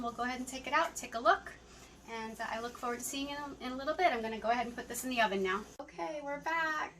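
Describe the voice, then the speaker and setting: A woman with a high voice walks viewers through a recipe in her home kitchen, chatty and easygoing. She sits a little back from the mic, and steady background noise runs under her voice. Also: distant mic, rough recording. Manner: chatty, talks viewers through each step. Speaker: home cooking host. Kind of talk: casual cooking demonstration.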